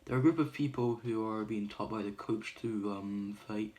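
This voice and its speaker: A movie reviewer with a lowish voice and moderate pace casually recaps a film's plot in a spoiler review. He rambles with plenty of ums and uhs and acts out quoted lines loudly.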